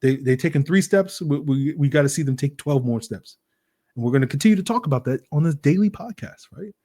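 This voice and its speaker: A man hosting a solo sports podcast, talking in an animated, rambling way with lots of fillers and rhetorical "right?" questions. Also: on the high side, a little fast. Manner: acts out voices in quoted asides. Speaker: podcast host.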